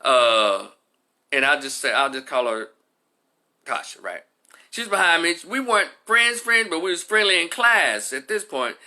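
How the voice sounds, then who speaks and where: A man casually telling a personal story as a commentator, animated, profane and conversational. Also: on the high side, a little slow. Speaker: vlogger and commentator.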